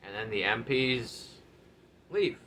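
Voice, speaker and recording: A man, a former enlisted soldier, telling a story from his service days in a casual, animated, profane way. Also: mid-range voice, takes it slowly, a little hiss or hum.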